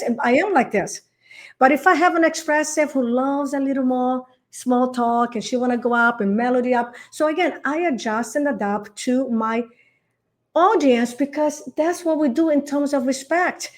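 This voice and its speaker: Animated woman. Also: high-pitched, normal speed. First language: Portuguese. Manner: animated, acts out phone calls, says darling. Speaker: real estate coach. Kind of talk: podcast interview.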